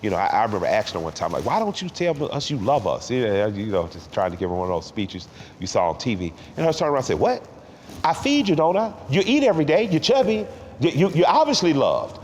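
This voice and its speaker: A man's voice: fairly low pitch, darkish tone. Middle-aged guy from atlanta, emotional interview talk, stops and restarts a lot, echoey hall. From Atlanta, Georgia. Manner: reflective, emotional, halting restarts. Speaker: interview guest. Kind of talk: candid sit-down interview. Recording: roomy hall with faint background noise.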